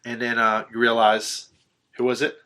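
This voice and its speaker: Bright-voiced man recapping a film. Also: mid-range voice, normal speed. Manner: animated retelling, swearing, filler-heavy. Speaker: podcast host. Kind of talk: casual film recap chat.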